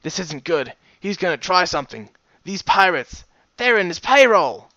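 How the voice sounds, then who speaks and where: A man voicing a friendly, earnest young male pony chef in a storybook reading, raising his pitch and talking eagerly. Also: moderate pace, no echo, dull audio, full character voice. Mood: urgent. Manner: eager, raised pitch, lively delivery.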